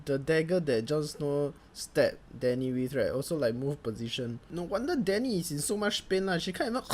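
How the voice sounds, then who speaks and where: A man's voice: on the high side, animated, moderate pace. A young Singaporean man with a Singaporean accent, giving a sweary, mocking comedic review full of Singlish slang. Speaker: video reviewer.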